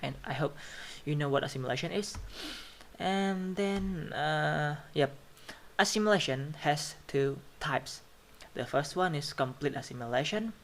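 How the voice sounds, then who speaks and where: A phonetics lecturer giving a recorded online lecture over slides, repeating each example and checking in with "okay" and "right?". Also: mid-range voice.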